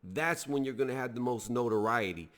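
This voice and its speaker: A man's voice: mid-range voice, brisk, fairly bright tone. A man giving blunt, heated opinion commentary on a sports news story, talking casually to his viewers. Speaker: boxing video reviewer.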